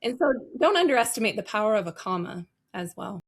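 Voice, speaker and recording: A woman who trains customer service staff, answering interview questions in an energetic, emphatic coaching tone. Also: mid-range voice, fast talker, slightly rough.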